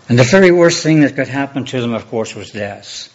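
A pastor delivers a sermon in a measured, earnest way, building his message through repeated rhetorical questions. His voice sits at a medium pitch, and the recording sounds muffled.

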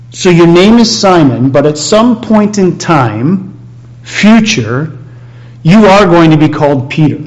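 Male preacher, slightly high voice, unhurried sermon delivery with thoughtful pauses. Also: a little mellow, muffled recording. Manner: slow, measured Bible teaching with frequent "uh" pauses.

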